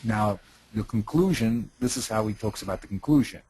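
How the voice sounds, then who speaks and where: A man's voice: fairly low pitch, normal speed, mellow, slightly rough, no room sound, low-quality recording. Patient man explaining a text. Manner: patient, repeats and checks understanding. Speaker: teacher. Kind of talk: study session, explaining a text.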